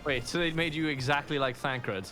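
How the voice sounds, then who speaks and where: A man joking excitedly with friends while they play a game. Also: mid-range voice, moderate pace. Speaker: gaming friend. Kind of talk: casual gaming chat. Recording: game music behind voice. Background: game music.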